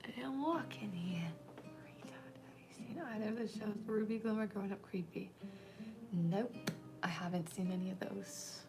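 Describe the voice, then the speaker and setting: A woman's voice: medium pitch, normal speed, music in the background. Giggly woman half-whispering a casual livestream. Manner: often drops to a whisper, giggly, rambling. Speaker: livestream host.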